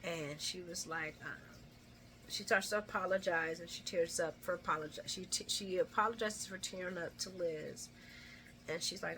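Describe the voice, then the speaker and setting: A woman with a bright, forceful voice chats through a soap opera recap. She is animated and laughs a lot, with a faint hiss under her voice. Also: lowish voice, normal speed. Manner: chatty, animated, laughs often. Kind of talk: casual chat recapping an episode.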